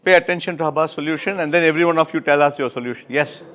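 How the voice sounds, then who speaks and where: A man with an Indian English accent running an interactive classroom workshop, repeating and rephrasing students' answers with brisk praise. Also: on the high side, a bit bright. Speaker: workshop instructor.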